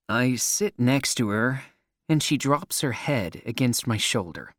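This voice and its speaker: A man narrates a first-person story in a slow, unhurried reading. His pitch moves expressively, and the emotion is clear in his voice. The recording is dry and close. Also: expressive, dry recording.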